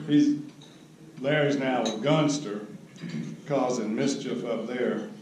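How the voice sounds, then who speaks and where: An older man giving a humorous storytelling speech at a roast, with wry, unhurried comic timing. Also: mid-range voice. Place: large banquet hall. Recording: echoey hall recorded from a distance with background noise.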